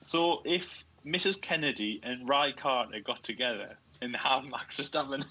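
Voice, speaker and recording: Casual podcast co-host from New Zealand, excitable rambler, bright with a breathy edge. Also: male voice, mid-range voice, measured pace, low-quality recording. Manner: rambling, laughing, excitable storytelling. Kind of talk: casual chat.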